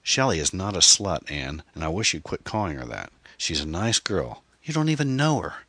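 A man's voice: low-pitched, very animated, normal speed, fairly bright tone, slightly rough, no room sound, voice pushed up, heavily acted. A man voicing a guilt-ridden divorced man, earnest and defensive as he pleads over the phone.

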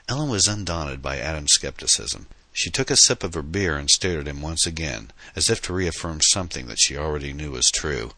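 A man narrating a science fiction audiobook in a steady storytelling manner. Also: extremely low pitch, brisk, no room sound. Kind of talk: scripted narration.

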